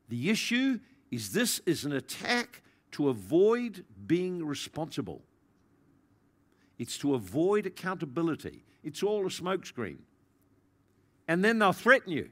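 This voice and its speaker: Man, pastor, sermon, slightly high voice, animated delivery. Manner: animated, acts out quoted voices, big swings in pitch and loudness.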